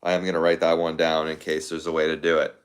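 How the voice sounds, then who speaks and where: A man's voice: extremely low pitch, completely flat delivery, fast talker, clean tone. Laid-back man chatting on a livestream. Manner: offhand, thinking aloud, with fillers and repeated phrases. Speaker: livestream host. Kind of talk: casual chat reading viewer comments.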